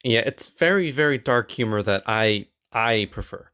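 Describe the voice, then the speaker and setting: A man co-hosting a podcast in casual chat, animated and stammering with quick asides. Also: fairly low pitch, smooth. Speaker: podcast co-host.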